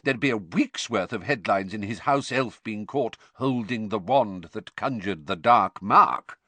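A man's voice: fairly low pitch, lively intonation, measured pace, bright, forceful tone, no room sound, exaggerated voice. A man voicing an exhausted, irritable middle-aged father back from work. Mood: weary. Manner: weary, irritable.

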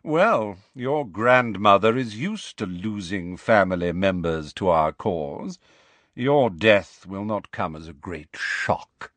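A man voicing a cold, aristocratic male villain with a low, slow, sneering drawl. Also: animated, fairly bright tone, no room sound.

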